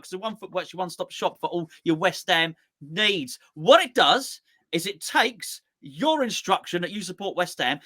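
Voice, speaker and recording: Man, co-host, playful rambling chat, bright slightly high voice. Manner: rambling, playful, lots of restarts. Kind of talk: casual football chat.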